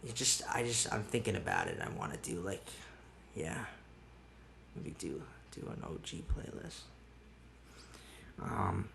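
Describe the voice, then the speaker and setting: Gravelly rambling podcast host, man. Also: medium pitch, a bit bright. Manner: rambling, restarts, casual swearing. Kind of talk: casual solo podcast chat.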